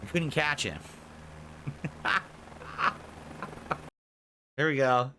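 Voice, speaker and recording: A man's voice: mid-range voice, animated, drawn-out words, long pauses, pushed and bright. A man hosting a livestream, ranting heatedly with profanity and mockery. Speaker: streamer host. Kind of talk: livestream rant and chat.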